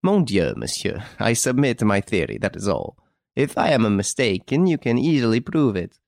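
A man reading an audiobook, voicing a calm, clever chevalier who explains a theft in a smiling, deliberate way. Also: on the low side, creaky, no echo, studio quality.

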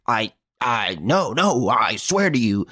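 A man's voice: fairly low pitch, animated, moderate pace, a bit bright, no room sound, clean studio sound, voice pushed up. A man reading an audiobook, voicing a frightened, cornered servant who stammers fearfully as he defends himself. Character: frightened, cornered young male servant accused of murder.

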